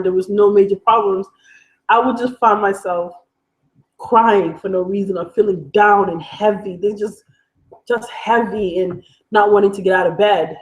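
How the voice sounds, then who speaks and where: A woman's voice: medium pitch, muffled recording. A young adult woman from Africa, telling a personal story in a candid, conversational way that wanders and keeps catching itself. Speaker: vlogger.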